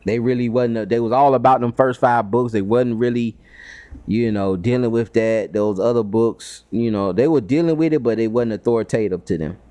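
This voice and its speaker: A man's voice: mid-range voice, normal speed, warm tone. A man leading a casual Bible study, talking in a loose, rambling way with many fillers.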